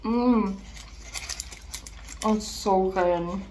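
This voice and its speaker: A young woman in a mukbang vlog, chatting casually and excitedly between bites, with lots of "like" and appreciative "mm" sounds. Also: mid-range voice, extremely slow, a little hiss or hum. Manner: chatty, filler-heavy, excitable, with chewing and "mm" sounds between remarks. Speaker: mukbang vlogger. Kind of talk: casual chat while eating.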